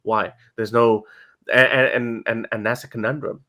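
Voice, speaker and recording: Halting male host in casual chat. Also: medium pitch, level tone, sharp tone. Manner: halting, with many restarts.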